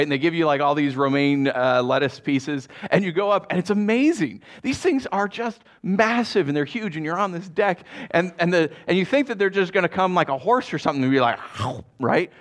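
A man's voice: high voice, fairly bright tone. A man, a pastor, giving a casual, conversational sermon to a congregation. He chuckles often and keeps checking in with "right?".

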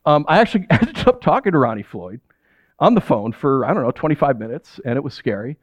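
A man preaching a sermon, telling stories about himself in an animated, self-deprecating way. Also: mid-range voice, fairly quick, no echo, highs cut off. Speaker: pastor.

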